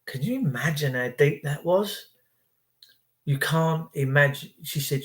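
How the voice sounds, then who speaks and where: A man's voice: on the high side, animated, moderate pace, a bit bright. A man hosting his own channel, talking in a casual, opinionated monologue. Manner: chatty, quotes people in their own voices. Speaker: channel host.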